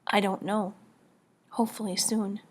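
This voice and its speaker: A woman reading as a gentle father saying goodbye to his children, calm and urgent in a hushed voice. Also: mid-range voice, normal speed, close to an everyday voice. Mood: tender urgent.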